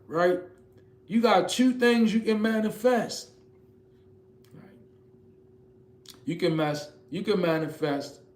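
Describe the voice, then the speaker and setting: A man delivers a spiritual message like a preacher, rising and pressing on his points in a rhythmic, emphatic way. His voice sits a little high, with quick soft asides dropped in. He is recorded in an echoey room. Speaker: spiritual reader.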